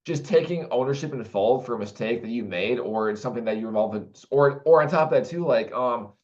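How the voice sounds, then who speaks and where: A man's voice: medium pitch, brisk, darkish tone. A man talking casually to the camera in a rambling way, with many restarts and fillers. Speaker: vlogger. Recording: dull lo-fi recording.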